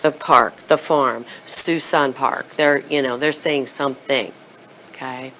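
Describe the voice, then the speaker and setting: A woman with a notably low voice leads a reading workshop for teachers. She talks them through classroom steps and acts out her prompts, sometimes slipping into a soft whisper. A faint hum of room noise sits behind her. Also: steady tone, measured pace. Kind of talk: teacher training talk.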